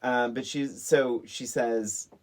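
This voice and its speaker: A woman co-hosting a casual movie podcast, easygoing and hesitant, with lots of fillers and quick agreement. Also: extremely low pitch, fairly even intonation. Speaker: podcast co-host.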